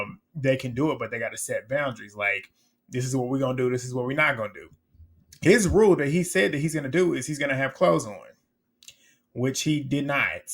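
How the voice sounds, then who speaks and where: A man recapping a reality dating show in casual commentary, blunt and animated, laughing often. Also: mid-range voice.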